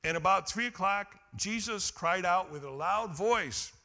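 A man preaching a sermon in a high, bright voice. He swings from ringing exclamations down to quiet, low emphasis and calls out to his congregation for responses. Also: animated, unhurried. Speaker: pastor.

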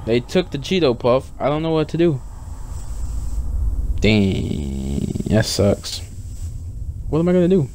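A man's voice: mid-range voice, wildly swooping pitch, a little slow, pauses often, darkish tone, a little hiss or hum. A young man casually commentating a video game he is playing, joking and swearing as he reacts. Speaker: gaming YouTuber. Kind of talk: casual let's-play commentary.

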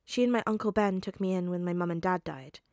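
A woman's voice: lowish voice, quick pace, darkish tone, dry recording, clean studio sound, lightly acted. A woman reading a fan story aloud, voicing a nervous, grieving teenage boy who hesitates and trails off with ums.

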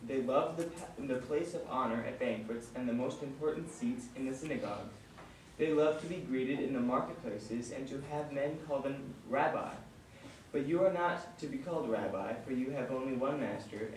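A man's voice: medium pitch, slight background noise. Man reading aloud from far off. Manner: halting, stumbles over hard words. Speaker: student volunteer reading aloud. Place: audience seat in a classroom. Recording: distant, echoey room mic.

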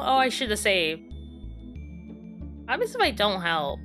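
A woman's voice: mid-range voice, very animated, measured pace, a bit bright, faint music behind. A young woman giving jumpy, chatty commentary while playing a horror game, talking to herself and laughing at the scares. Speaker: gaming YouTuber.

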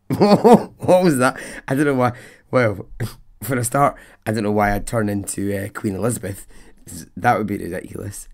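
A man's voice: fairly low pitch, steady tone, normal speed. A man hosting a podcast, telling a true story in a casual, chatty way, laughing often and talking straight to the listener. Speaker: podcast host.

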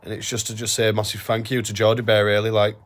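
Man, ill and weak, low voice, quiet apologetic vlog talk. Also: level tone, fast. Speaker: hiking vlogger. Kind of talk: casual vlog to camera.

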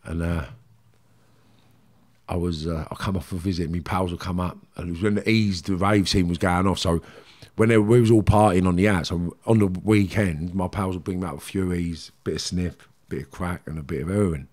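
Deep-voiced Cockney man telling stories. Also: steady tone, brisk, a little mellow. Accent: London Cockney. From London. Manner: streetwise, rambling, frequent "do you know what I mean". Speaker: podcast guest. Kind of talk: candid storytelling interview.

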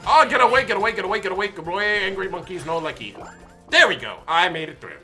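A young man giving excitable gameplay commentary, yelping and shouting at the game. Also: sits high, fast, soft background music. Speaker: gaming video host.

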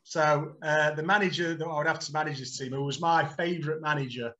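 A middle-aged man, a guest on a podcast, telling animated anecdotes and acting out the dialogue with frequent laughter. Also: a little high, fairly quick. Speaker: guest, former footballer. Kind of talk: casual podcast storytelling.

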